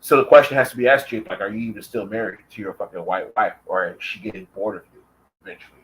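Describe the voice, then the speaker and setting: A man's voice: on the low side, fast, a bit bright, low-quality recording. Profane, taunting man ranting on camera. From United States. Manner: profane and confrontational; taunting, addresses his target directly. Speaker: vlogger. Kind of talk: angry rant.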